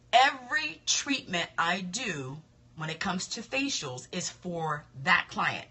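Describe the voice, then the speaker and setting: A woman's voice: medium pitch, sharp tone, slightly rough. A woman, coaching other estheticians in casual live-stream talk, confident and emphatic, often repeating her points.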